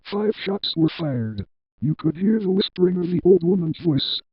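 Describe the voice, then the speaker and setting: A synthetic text-to-speech man's voice reading a horror story in a flat, evenly paced way. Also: high voice, moderate pace, slightly rough, dry recording, highs cut off. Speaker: narrator. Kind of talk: scripted horror story narration.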